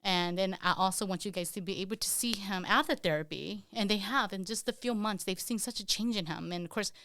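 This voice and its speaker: A woman with a medium-pitched, slightly bright voice speaks a little fast as a podcast guest, a parent of an autistic child. In this candid conversational interview she's earnest and open, using many "you know" fillers, recorded at studio quality with no echo.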